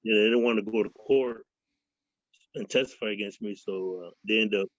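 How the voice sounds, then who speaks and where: A man's voice: fairly low pitch, steady tone, brisk, no room sound. A man from Fresno tells rambling, profane stories as an interview guest, jumping into other people's voices as he goes. The sound is dry and dull, like a lo-fi recording. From Fresno, California. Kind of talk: casual storytelling interview.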